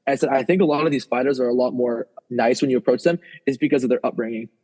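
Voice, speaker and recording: Casual podcast co-host, male, husky voice, rattles through stories. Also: medium pitch, fairly even intonation, fast talker, mellow, low-quality recording. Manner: rambling, many fillers. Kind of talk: casual chat.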